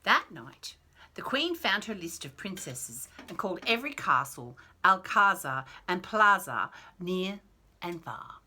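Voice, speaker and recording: A woman's voice: fairly low pitch, bright, forceful tone, slight background noise. A woman reading a children's picture book aloud as a storyteller, with chatty, giggly asides.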